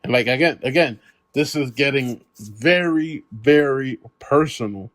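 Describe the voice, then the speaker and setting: A man hosts a solo wrestling podcast in a loose, excitable way. His voice sits in an ordinary middle pitch. He chuckles through the stories he retells and keeps turning to speak to his listeners directly. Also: unhurried. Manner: excitable, retells rivals' insults with frequent laughs; emphatic, addresses the audience directly. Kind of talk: casual solo commentary.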